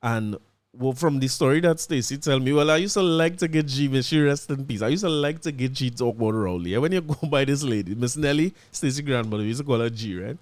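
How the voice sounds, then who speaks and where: Animated Trinidadian man telling a story. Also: mid-range voice, fast talker, dry recording. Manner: animated, laughing, acts out quoted voices. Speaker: podcast host. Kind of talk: casual storytelling monologue.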